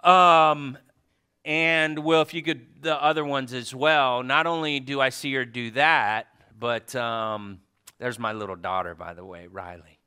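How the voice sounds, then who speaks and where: A man with a bright, crisp, resonant voice gives a heartfelt tribute to a congregation. He tells stories in a lively way, with loud animated bursts and soft, quiet asides. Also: medium pitch, a little slow.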